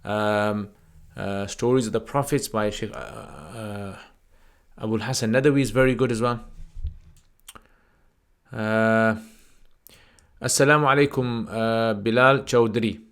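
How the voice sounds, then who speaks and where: A man's voice: lowish voice, steady tone, unhurried, pauses often, fairly bright tone, clean tone. A man answering viewers' religious questions on a livestream. He reads out names and questions and then answers in a casual way, with fillers and restarts. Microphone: desk microphone.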